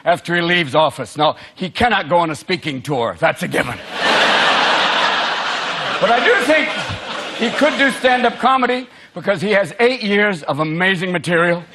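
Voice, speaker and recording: Animated high-voiced man doing stand-up. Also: moderate pace, pauses often. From United States. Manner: animated, shouting impressions of politicians. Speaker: stand-up comedian. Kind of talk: stand-up comedy set. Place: large theatre before a live audience. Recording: loud crowd laughter and noise.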